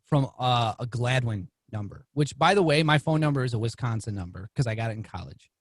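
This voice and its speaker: A man's voice: fairly quick, dry recording. A man, a guest on a podcast, telling a story casually and acting out the quoted lines with his voice jumping up. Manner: animated, acts out quoted lines with rising pitch.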